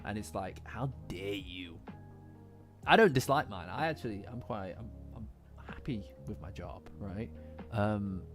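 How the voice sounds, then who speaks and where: Low-voiced man rambling casually over lofi. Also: moderate pace. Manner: rambling, swearing, laughing, answering chat. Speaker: streamer reacting to chat. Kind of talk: casual live-stream chat. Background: faint lofi music.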